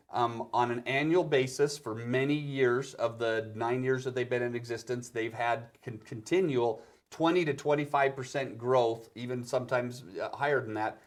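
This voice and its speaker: A man hosting a business talk show, interviewing a guest in a measured, encouraging way. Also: medium pitch. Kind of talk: interview chat.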